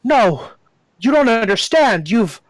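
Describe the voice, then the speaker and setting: Zealous desperate male cultist, put on by a man, urgent and solemn, slow and deliberate. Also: a little high, no room sound. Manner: urgent pleading, drops to a whisper.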